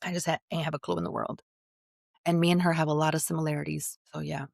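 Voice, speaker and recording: A woman in her thirties telling a story in casual chat, animated, blunt and profane, acting out what others said. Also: sits low, fast, vocal fry, no room sound, studio quality. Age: 30s.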